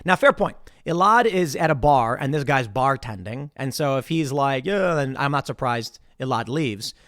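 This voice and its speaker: Guy doing political commentary, swings his pitch all over, dry close mic. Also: normal speed, no echo. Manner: animated, acts out quoted people in shifting voices. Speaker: commentary host.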